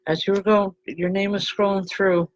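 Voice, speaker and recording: A woman reverend giving live spirit readings to viewers, speaking gently and haltingly and calling people by name. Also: medium pitch, flat delivery, dry recording, dull audio.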